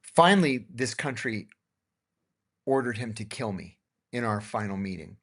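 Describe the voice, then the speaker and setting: A man's voice: on the low side, lively intonation, measured pace, fairly bright tone. A middle-aged man hosting a podcast, telling anecdotes in a casual way and acting out the dialogue. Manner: anecdotal, acts out dialogue in his tales. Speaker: podcast host.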